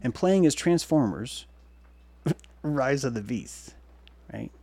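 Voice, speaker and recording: Rambling, excitable male livestream host. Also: mid-range voice, takes it slowly, no echo. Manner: meandering, excitable, swings between loud bursts and hushed asides.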